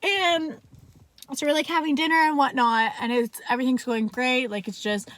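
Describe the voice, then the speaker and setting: A woman's voice: sits high, fairly even intonation, moderate pace, fairly bright tone, no echo. A young woman telling a story in a casual vlog, talking chattily with constant "like" fillers and plenty of swearing. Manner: chatty, fills speech with "like", swears freely.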